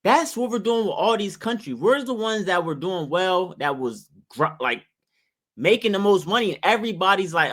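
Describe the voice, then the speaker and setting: Emphatic preachy man, slightly high voice. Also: expressive, normal speed, a bit bright. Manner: emphatic, preachy, rhetorical questions to viewers. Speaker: vlogger giving opinions. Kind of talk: opinionated commentary to camera.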